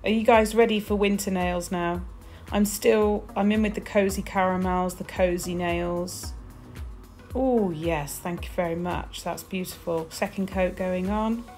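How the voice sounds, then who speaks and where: A woman's voice: on the low side, steady tone, unhurried, darkish tone, faint music behind. A British woman chatting casually through a nail polish tutorial, gushing with little exclamations as she goes. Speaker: nail technician demonstrating polish swatches.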